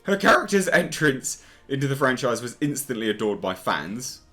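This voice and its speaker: A man's voice: medium pitch, big pitch swings, normal speed, pushed and bright, soft background music. A man hosting a casual pop-culture commentary video, talking in a sarcastic, exasperated way. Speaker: YouTube commentary host.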